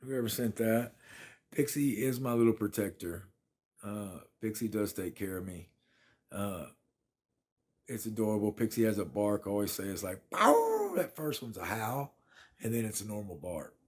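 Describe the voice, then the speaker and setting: A man's voice: fairly low pitch, normal speed, dark tone. A man, chatting casually on a phone livestream from his apartment and thanking viewers by name. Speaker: livestream host.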